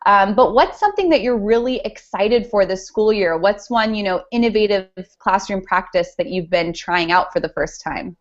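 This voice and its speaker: A woman with a Californian accent hosting an interview over a video call, upbeat and lively. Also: medium pitch, moderate pace, few pauses. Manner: upbeat, lively, some fillers. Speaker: host, interviewer. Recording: dull lo-fi video call audio.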